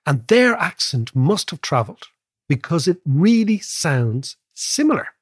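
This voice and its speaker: A man talks economics on a podcast, spinning animated stories and checking in with the listener. His voice sits a bit high and sounds husky. The recording is close and dry. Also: measured pace, no echo. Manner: animated, storytelling, frequent tag "right?". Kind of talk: casual conversational podcast.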